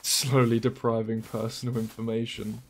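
A man's voice: medium pitch, flat delivery, moderate pace, creaky, slightly rough. A young man with an English accent, chatting casually with his live-stream viewers while he plays, reading out chat and swearing offhandedly. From England. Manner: laid-back, chatty, swears casually, reads chat aloud.

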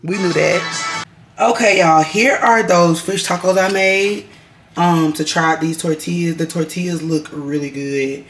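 A woman's voice: on the low side, steady tone, measured pace, roomy sound, faint music behind. A woman, chatting candidly and rambling to her vlog camera in her home kitchen, swearing casually. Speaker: lifestyle vlogger.

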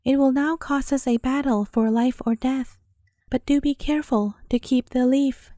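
A woman's voice: high voice, steady tone, normal speed, warm tone, dry recording, clean studio sound, natural voice. Woman voicing a grave loyal bull. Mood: urgent. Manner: earnest warning tone. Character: loyal protective male bull, grave and caring.

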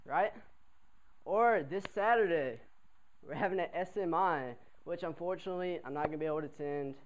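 A young man with a fairly high voice tells a funny story to a crowd of classmates. He talks in a lively, chatty way and keeps checking in with his listeners. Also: a little fast, slight background noise, poor audio. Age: young adult. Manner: animated, chatty, asks the crowd for replies. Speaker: college cadet telling a story. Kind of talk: comic storytelling to an audience.

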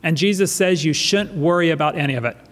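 With a slightly high voice and a fast pace, a male pastor delivers a sermon in a church sanctuary. He's emphatic and keeps returning to his key phrases. The recording carries the reverb of a church hall.

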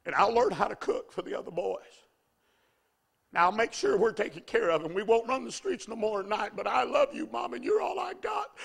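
A frantic little boy cries out for his mama, his voice climbing high and cracking into shouts, as a preacher acts him out. The tone has a gravelly rasp underneath. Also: lively intonation, a little fast, exaggerated voice. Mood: pleading, sobbing. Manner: shouting, sobbing pleas. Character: desperate nine-year-old boy pleading for his mother.

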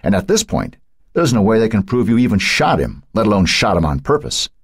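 A man voicing a calm, firm lawyer who speaks reassuringly, in an audiobook. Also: on the low side, brisk, breathy edge, dry recording, studio quality, pitched above the performer's own voice, full character voice. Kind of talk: audiobook character voice.

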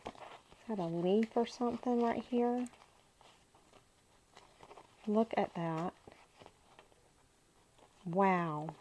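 A woman hosts a casual crafting unboxing and gushes to herself at an unhurried, drawn-out pace. Her pitch sits mid-range for a woman. A faint background noise runs under the recording. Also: mellow, low-quality recording. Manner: gushing, talks to herself while handling paper. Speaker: crafting channel host.

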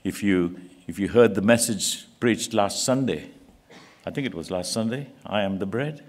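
A man's voice: lowish voice, moderate pace. A man preaching a sermon in a church, earnest and pleading, rising to emphatic peaks.

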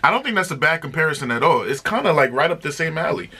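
A young man hosting a casual music reaction review, talking in an excitable, slangy, chatty way. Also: a little high, fast talker, breathy edge.

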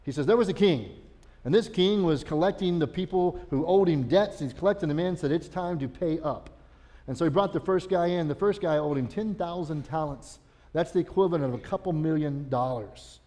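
A man's voice: fairly high pitch, fairly quick, warm tone. A man, a children's pastor, preaching a sermon in a folksy, conversational storytelling way. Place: church sanctuary. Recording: long church reverb.

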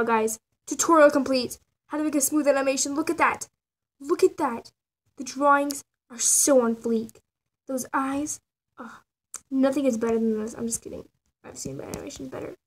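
A teenage girl casually narrating her animation process, rambling, laughing and mocking her own drawings. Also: sits high. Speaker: channel owner showing her animation process. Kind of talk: casual self-mocking tutorial.

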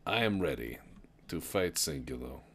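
A man giving casual gameplay commentary with wry, deadpan asides. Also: rumbling low, normal speed, slight background noise. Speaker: gamer.

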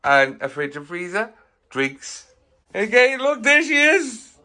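A man's voice: sits high, sing-song, slow pace, pushed and bright. A man giving viewers an upbeat, slangy tour of a freshly done-up house. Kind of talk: casual vlog walkthrough. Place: house being renovated, then walking outdoors.

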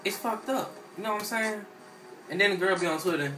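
A man delivering a profane comedic rant, animated and full of slang, acting out friends' voices. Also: sits high, brisk, background noise. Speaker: comedic commentator. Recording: roomy and distant from the mic, with music behind.

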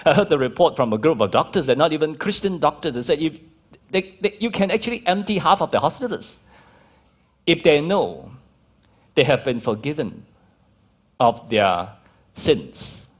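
A man's voice: a little high, normal speed, long pauses. A male pastor with a Malaysian accent, preaching a sermon and telling stories with acted-out quotes. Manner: lively storytelling with laughs and acted-out quotes.

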